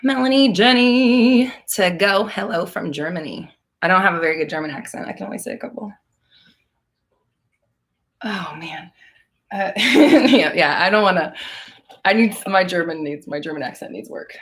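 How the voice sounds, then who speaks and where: In a casual live-stream chat, a female manifestation coach answers questions, talking bluntly, swearing often and laughing in between. She has a medium-pitched, slightly bright voice, a moderate pace and long pauses.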